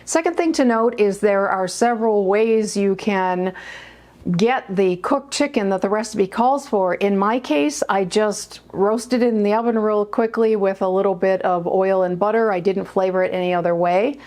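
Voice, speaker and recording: A woman's voice: medium pitch, moderate pace, darkish tone. A woman hosting a home cooking show, chatting casually as she explains each step at the stove in her kitchen.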